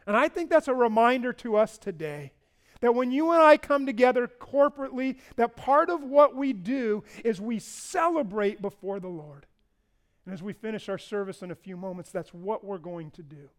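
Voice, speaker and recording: A pastor delivers a sermon in a strikingly high, smooth, resonant voice. He swings from booming proclamations down to hushed asides and puts questions to his congregation. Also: lively intonation, normal speed. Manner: preaching, swings between loud proclamations and quiet asides.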